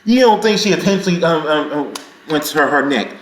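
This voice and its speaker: A man hosting a sports reaction vlog, talking in an excitable, indignant and rambling way. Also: on the high side, brisk, reverberant. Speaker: sports channel host.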